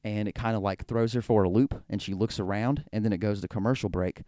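Guy rambling through a wrestling recap, low mellow voice, super dry close mic. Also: quick pace, no room sound. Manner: rambling, excitable, heavy use of "like". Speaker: podcast host.

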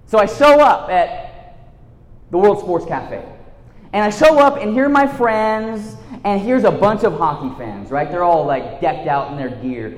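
A man giving a storytelling sermon, swinging from lively tales to a hushed, earnest tone. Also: sits high, unhurried. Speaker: youth speaker and teacher. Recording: echoey hall with long reverb.

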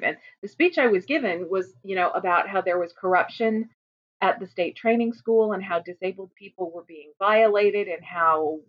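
A woman in her fifties from Utah, earnestly telling her own story as an interview guest, emphatic and often restarting her sentences. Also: fairly low pitch. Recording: muffled lo-fi audio.

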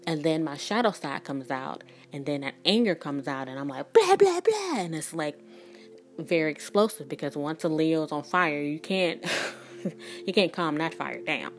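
Woman, deep low voice, blunt, profane, rambling spiritual vlog talk. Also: normal speed, soft background music. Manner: blunt, emphatic, swears freely; rambling, many restarts and "like". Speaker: spiritual reader and energy worker.

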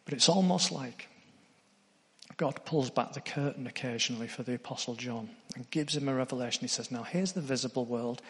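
A man's voice: medium pitch, big-room sound. A man preaching a sermon, earnest, putting direct questions to his congregation.

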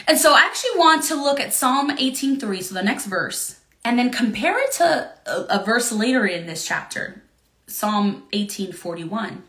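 An earnest woman teaching from the Bible in a devotional talk, expressive and given to repeating phrases. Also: on the high side, normal speed, roomy sound.

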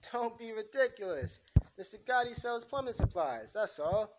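A brisk defense lawyer waves off reporters, voiced by a man reading the script. His voice sits fairly high, over a hissing recording. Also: very animated. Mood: dismissive.

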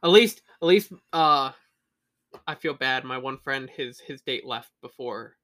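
A man's voice: medium pitch, unhurried, bright, forceful tone. A man co-hosting a podcast in casual chat, joking and candid about his past. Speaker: podcast co-host.

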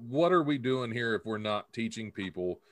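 A man's voice: fairly low pitch, animated, moderate pace. A man hosting a casual comedy podcast, reading odd news stories aloud and laughing often. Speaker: podcast host.

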